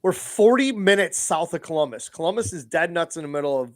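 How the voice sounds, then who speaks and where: A man co-hosting a podcast, talking casually with animated, profane bursts of emphasis. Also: on the high side, brisk. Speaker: podcast co-host.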